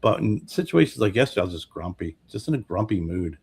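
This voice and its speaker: A man co-hosting a podcast in casual chat, talking in a relaxed, rambling way and swearing casually. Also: lowish voice, fast, gravelly, breathy edge. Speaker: podcast co-host.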